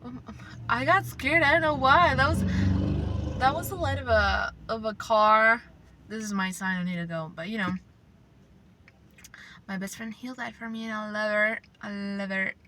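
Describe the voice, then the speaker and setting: Bright-voiced young woman rambling casually. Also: fairly high pitch, steady tone, normal speed, long pauses, slight background noise. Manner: rambling, profane, effusive, slips into whispers. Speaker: channel host. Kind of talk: casual chat.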